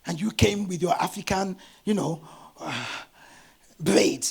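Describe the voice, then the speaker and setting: A middle-aged man, a pastor, preaching a sermon with animated storytelling and bursts of shouting. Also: high voice, measured pace, gravelly, husky.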